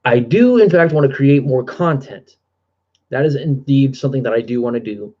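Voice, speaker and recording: A man's voice: mid-range voice, lively intonation, normal speed, lo-fi sound. A man talking casually on his live stream, out of breath, earnest and rambling with many fillers and restarts.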